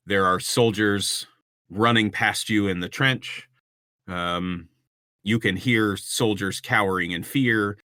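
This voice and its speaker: A man narrating a tabletop game, pausing on ums as he sets each scene. His voice is low but bright, recorded close and dry. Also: dry recording. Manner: descriptive, with frequent ums and restarts. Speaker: game master.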